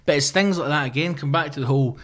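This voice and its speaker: A man's voice: fairly high pitch, fast talker, a bit bright. A Glaswegian man, a comedian, chatting casually and telling gig stories full of swearing and acted-out voices. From Scotland. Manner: swears a lot, acts out voices in anecdotes. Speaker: comedian guest. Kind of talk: casual podcast chat.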